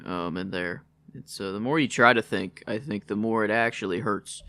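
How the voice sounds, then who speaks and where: A man co-hosting a podcast in casual chat, talking haltingly and trailing off. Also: fairly low pitch, sharp tone, no echo. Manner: halting, trails off, many fillers and backchannels. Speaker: podcast co-host.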